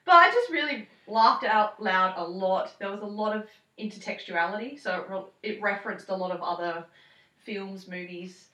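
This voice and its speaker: A woman's voice: mid-range voice, moderate pace, sharp tone, far from the mic. Laughing woman co-hosting a podcast. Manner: chatty and laughing often, swears casually. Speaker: podcast co-host. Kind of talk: casual chat. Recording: echoey room, a little off-mic.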